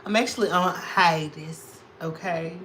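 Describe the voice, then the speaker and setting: Speaking a little slowly in a voice on the high side, a man from Chicago works on his drag makeup while reading livestream comments. He talks back to the chat with sassy, animated energy, over slight background noise in a low-quality recording.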